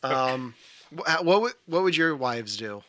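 A man's voice: medium pitch, expressive, unhurried, pushed and bright, a little hiss or hum. A married man co-hosting a podcast, chatting casually and teasing his friends. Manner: teasing, jokey. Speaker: podcast co-host. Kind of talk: casual chat.

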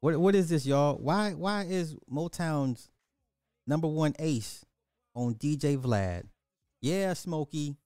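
A middle-aged man hosting a livestream with a dark, mellow voice, recorded dry and close. He rants bluntly with profanity in casual commentary and hammers his points by repeating them. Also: a little high, slow pace, clear, resonant tone, dry recording. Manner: ranting, blunt and profane, repeats himself for emphasis. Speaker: livestream host.

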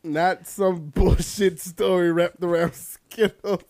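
A man's voice: high voice, steady tone, takes it slowly, darkish tone, no room sound. A man on a casual podcast, crying with laughter and out of breath, incredulous and swearing.

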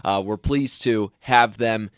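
A man co-hosting a podcast, talking in a measured, friendly way. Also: lowish voice, clean tone, dry recording, clean studio sound. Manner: measured, friendly, speaks of his voiceover voice. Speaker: podcast co-host. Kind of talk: casual chat.

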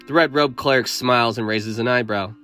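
A man reading a first-person story aloud, steady and earnest. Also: mid-range voice, a little fast, soft background music. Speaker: narrator.

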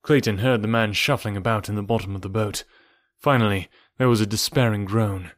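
A man reading a novel aloud as narrator, in a measured, somber way. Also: fairly low pitch, dry recording, clean studio sound. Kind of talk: audiobook narration.

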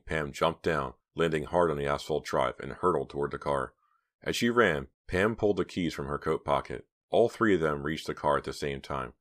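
A man with a cavernous, very low voice narrates a suspense novel for an audiobook. He reads in short, measured phrases that build tension. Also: fairly bright tone. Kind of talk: dramatic audiobook reading.

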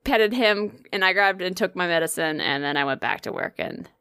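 A woman chatting casually, telling a story with lots of swearing and animated energy. Her voice is bright and forceful, recorded dry and close with no room sound. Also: lowish voice, moderate pace, smooth, no echo. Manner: animated, profane, swears freely.

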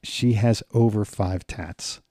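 A man's voice: fairly low pitch, steady tone, takes it slowly, warm tone, no room sound, clean studio sound. A man co-hosting a podcast, asking questions in easygoing banter and laughing often. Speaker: podcast co-host.

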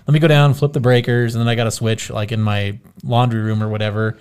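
A man's voice: mid-range voice, quick pace, clear, resonant tone. A married man telling a story in casual chat, swearing and acting out what he said. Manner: animated, swearing, acts out his own quotes.

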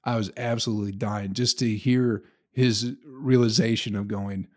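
A man's voice: on the low side, fairly even intonation, moderate pace, hardly any pauses. A man, a stand-up comedian, talking in a loose, profane monologue and laughing at his own stories. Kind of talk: casual solo podcast monologue.

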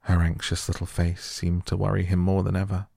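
Brief: male sleep-story narrator, low gravelly voice, dry close sound. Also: completely flat delivery, dry recording. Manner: gentle, unhurried. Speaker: audiobook narrator. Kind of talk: soft bedtime story reading.

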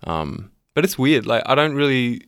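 Laid-back Australian man, smooth and dry. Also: mid-range voice, very animated, moderate pace, a bit bright, no echo. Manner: laid-back, hesitant with many ums. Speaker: musician guest. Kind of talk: casual radio interview. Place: radio studio.

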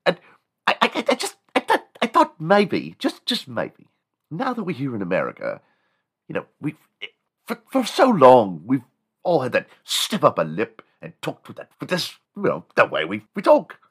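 A man voicing a hesitant, stammering English colonist in a put-on posh English accent that jumps high. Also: huge pitch swings, normal speed, husky, full character voice. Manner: stammering, tentative, high and fluttery.

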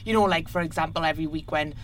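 A woman's voice: deep voice, a little hiss or hum. A woman, hosting a radio chat and laughing easily. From North East England. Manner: chatty, quick to laugh. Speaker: radio host. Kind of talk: casual chat.

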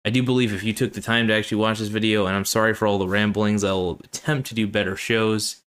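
A man's voice: fairly low pitch, level tone, fast, a bit bright. A man hosting a solo show, tired and yawning, talking in a rambling, repetitive, earnest way. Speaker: podcast host. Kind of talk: casual solo talk.

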